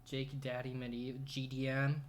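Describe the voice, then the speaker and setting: A man's voice: mid-range voice, completely flat delivery, moderate pace, a little hiss or hum. A man running a tabletop game as game master, chatting casually and swearing in exasperation.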